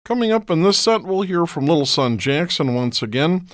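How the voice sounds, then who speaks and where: A man's voice: fairly high pitch, normal speed, no room sound. Guy hosting a blues radio show, easygoing talk, dry close mic. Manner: relaxed, informative back-announcing. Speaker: radio host.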